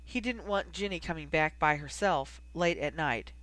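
Audiobook narrator, steady storytelling, dry close sound, mid pitch. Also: moderate pace, no room sound, poor audio. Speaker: audiobook reader. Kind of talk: scripted narration.

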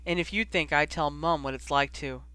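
A man voicing a guarded young wizard who speaks quietly and bitterly. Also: a little high, fairly even intonation, a little fast, clear, resonant tone, no room sound.

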